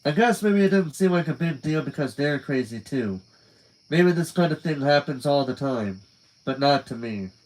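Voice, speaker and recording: A man's voice: on the high side, animated, normal speed, a little mellow, rough recording. Man reading a novel live, chatty asides. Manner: casual, conversational, trailing off at phrase ends. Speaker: streamer reading a novel aloud.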